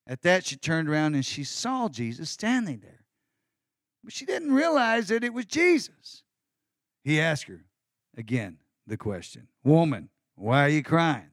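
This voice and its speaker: A middle-aged male pastor preaching an Easter sermon in a lively, conversational way with folksy asides. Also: a little high, unhurried, no room sound, clean studio sound.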